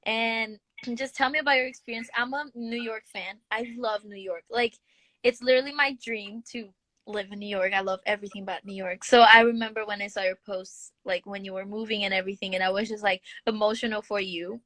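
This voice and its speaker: A woman's voice: medium pitch, steady tone, brisk, a bit bright, no echo. Giggly Brazilian-accented woman interviewer. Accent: Brazilian Portuguese. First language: Portuguese. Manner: eager, giggly. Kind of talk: casual video-call interview. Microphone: phone or video call.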